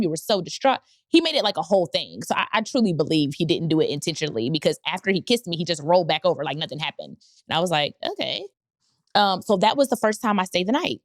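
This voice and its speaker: A woman podcast host telling a candid personal story, animated and leaping up in pitch when she quotes people. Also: dry recording, studio quality. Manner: animated, jumps high when quoting people.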